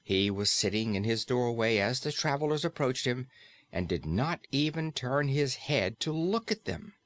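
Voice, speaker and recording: A man reads a fairy tale aloud with a lively, expressive pitch that rises and falls through each sentence. His telling is steady and clear. The recording is close and dry. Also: normal speed, no echo. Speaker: audiobook narrator. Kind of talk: scripted storybook narration.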